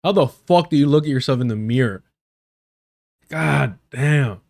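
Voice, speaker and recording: A man's voice: medium pitch, unhurried, vocal fry, darkish tone. A man hosting a live stream, giving blunt, profane and emphatic casual commentary while reacting to clips.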